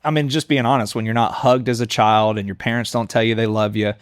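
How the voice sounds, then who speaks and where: Earnest man with a low, dry voice. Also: steady tone, clear, resonant tone, no echo. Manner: earnest, candid, quick to laugh. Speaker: guest, mayoral candidate. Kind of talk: conversational storytelling. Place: on-site in a coffee shop.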